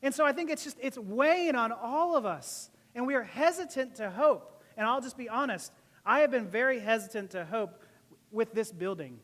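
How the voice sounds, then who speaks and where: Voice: medium pitch, animated, moderate pace, fairly bright tone, big-room sound. A pastor giving a casual, joking sermon to a church, often laughing between points. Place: church service.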